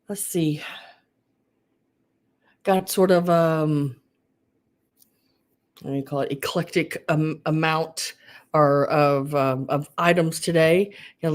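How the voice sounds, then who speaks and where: A woman with a Southern US accent hosting a live vintage sale stream, chatting casually and greeting viewers by name. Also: low voice. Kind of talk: casual livestream chat.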